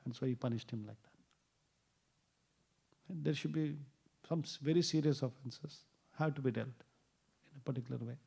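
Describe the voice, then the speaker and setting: A man's voice: medium pitch, normal speed, gravelly, long pauses, darkish tone, slightly rough. A man giving a temple class, telling a story and acting out the quoted dialogue with a rising voice. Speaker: temple speaker. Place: temple hall.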